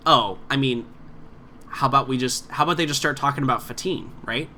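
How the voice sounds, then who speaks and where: Game master, male, bright voice; loose, rambling narration full of fillers. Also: mid-range voice, brisk, slight background noise. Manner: rambling, many fillers and restarts.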